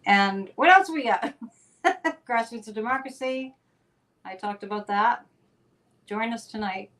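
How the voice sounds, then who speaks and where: A woman's voice: on the high side, lively intonation, a little slow, fairly bright tone. Chatty upbeat woman hosting a talk show. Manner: chatty, upbeat, rambling plugs. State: a bit out of breath. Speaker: psychic and show host. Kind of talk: casual chat with announcements.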